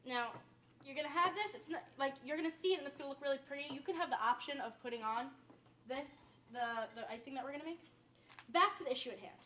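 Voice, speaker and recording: A high-voiced young woman with a downstate New York accent chats her way through a home baking demo. She rambles and fills her talk with "like". A faint hum of room noise sits behind her. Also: fast, sharp tone. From Westchester, New York. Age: young adult. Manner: chatty, rambling, says "like" often. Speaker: cooking show host. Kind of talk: casual cooking demonstration.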